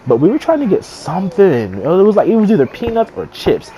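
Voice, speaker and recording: A man's voice: high voice, big pitch swings, fairly quick, crowd noise. A young man, a gaming streamer, casually telling a story to camera, rambling, restarting his sentences and swearing offhandedly.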